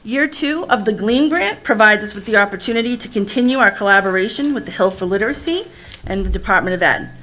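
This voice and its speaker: A woman, a district literacy administrator, reading a formal, measured presentation narration. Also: mid-range voice, expressive, pushed and bright.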